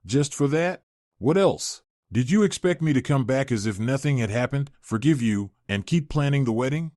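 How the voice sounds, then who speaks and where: A man's voice: mid-range voice, expressive, normal speed, darkish tone, dry recording, clean studio sound, natural voice. A man voicing a cold, betrayed bride-to-be. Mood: firm. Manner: firm, cold. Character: betrayed young woman, firm and cold.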